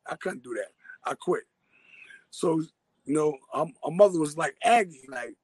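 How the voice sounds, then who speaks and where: A man's voice: fairly high pitch, lively intonation, normal speed, pauses often, husky, no echo, rough recording. A man from Harlem with a New York accent, telling a story in loose street slang as an interviewee. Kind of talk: casual storytelling.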